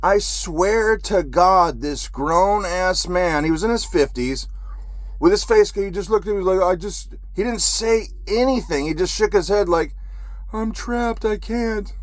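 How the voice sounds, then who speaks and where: A man's voice: high-pitched, a little slow, no echo. A man who is a military veteran, telling a story in an agitated, profane ranting monologue.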